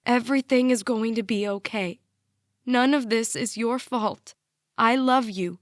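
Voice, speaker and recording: A woman reading the part of a distraught middle-aged mother whose voice rises high and shrill with shock. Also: sing-song, normal speed, fairly bright tone, no echo, studio quality. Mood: tender. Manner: high-pitched, shrieking, tearful.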